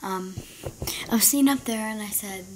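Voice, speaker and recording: A woman's voice: mid-range voice, normal speed, background noise. A female vlogger telling a dramatic story about her injured ankle to the camera, chatty and sometimes dropping into a whisper.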